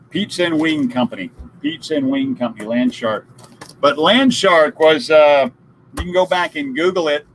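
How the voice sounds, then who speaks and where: A man's voice: medium pitch, a little hiss or hum, low-quality recording. A middle-aged man hosting a casual live stream, joking and telling stories. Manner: jokey, storytelling, laughs at his own puns.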